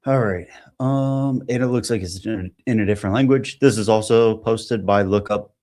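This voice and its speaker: A man hosting a solo podcast, reading posts aloud and thinking out loud in a halting, rambling way with plenty of fillers. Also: lowish voice. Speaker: podcast host.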